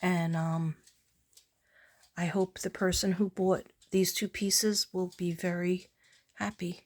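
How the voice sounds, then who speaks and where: A woman artist showing her work in a casual late-night vlog chat, meandering with many pauses and fillers, sounding tired. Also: on the low side, flat delivery, darkish tone.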